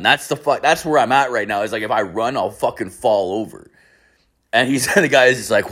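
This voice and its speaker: A man's voice: fairly low pitch, expressive, a little fast, a bit bright. A young man telling a long, rambling story in casual talk, full of swearing and fillers. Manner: rambling, profane, filler-heavy anecdote.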